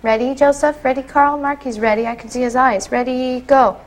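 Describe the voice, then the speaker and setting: A woman teaching a small group of kindergarteners to read words, giving brisk prompts and quick praise. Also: high voice, fairly even intonation. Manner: encouraging, brisk, with frequent praise. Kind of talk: classroom instruction. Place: classroom.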